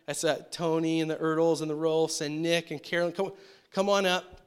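A man's voice: on the high side, little pitch movement, a little fast, clean tone. A man in his thirties preaching a sermon, telling a story in a conversational way and asking rhetorical questions. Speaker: pastor. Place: church sanctuary.

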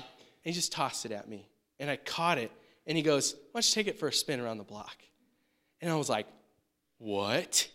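Bright-voiced animated male pastor. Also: sits high. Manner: conversational storytelling, animated, rhetorical questions. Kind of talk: sermon. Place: church sanctuary.

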